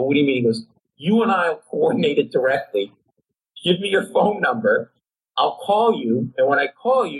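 Animated man telling a comic story. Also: mid-range voice, breathy edge, poor audio. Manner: animated, acts out voices and inner panic. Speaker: comedian guest. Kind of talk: storytelling anecdote on a talk show.

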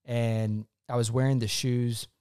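A young man tells a personal story in a casual chat, quoting himself with lively changes in voice. His pitch sits in the middle for a man. He talks like a co-host sharing with his partner. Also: a little slow, clean tone. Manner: animated, acts out his own past quotes.

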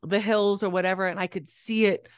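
A woman guest author in a casual podcast interview, telling family stories in a lively way, acting out the voices she quotes and laughing often. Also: mid-range voice, a little fast, smooth, dry recording, clean studio sound.

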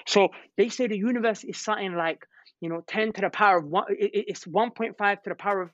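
A man telling religious stories in an animated, slangy way, repeating words as he goes. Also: high voice, fast, dry recording. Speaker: Islamic preacher. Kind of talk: storytelling religious talk. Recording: dull, lo-fi sound.

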